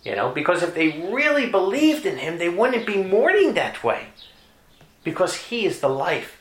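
A man preaching a sermon with emphasis, repeating key phrases and climbing in pitch to stress a point. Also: sing-song, normal speed. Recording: echoey room.

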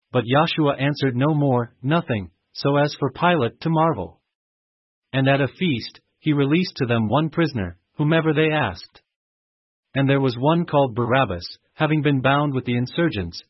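A man giving a steady, measured reading of scripture. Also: mid-range voice, slightly rough, dry recording. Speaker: scripture reader. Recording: muffled dry recording.

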